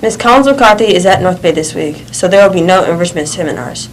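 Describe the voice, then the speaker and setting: Woman, school announcer, steady reading, small slips, faint noise. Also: on the low side, a little fast, poor audio.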